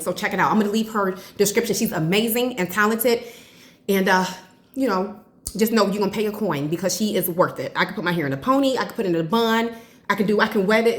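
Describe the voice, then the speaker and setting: A woman in her forties chatting casually to her viewers, an excitable storyteller who calls them y'all. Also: medium pitch. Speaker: vlogger. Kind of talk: casual chat to camera. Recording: roomy echo.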